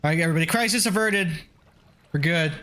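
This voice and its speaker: A young man streaming a video game, chatting with viewers, swearing and yelling at the game in between. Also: fairly high pitch, quick pace, noisy background. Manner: animated, swears and yelps at the game, laughs often. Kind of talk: casual gameplay livestream chat.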